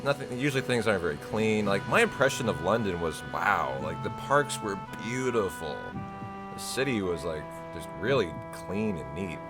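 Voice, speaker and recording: A man's voice: on the low side, animated, moderate pace. A man chatting casually with his viewers while speedrunning a game live, rambling and laughing often. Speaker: speedrunner streamer. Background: game music.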